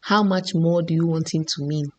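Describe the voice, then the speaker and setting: A woman's voice: low-pitched, fairly even intonation, moderate pace, muffled recording. Woman ranting back at her screen. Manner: talks back at the screen, teasing and exasperated. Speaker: reaction host. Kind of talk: casual reaction commentary.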